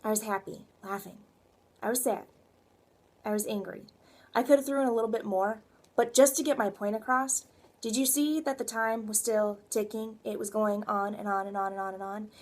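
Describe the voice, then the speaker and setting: A woman's voice: medium pitch, fairly even intonation, moderate pace. A young woman fitness coach giving a rambling, emphatic motivational talk to her viewers. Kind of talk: motivational vlog.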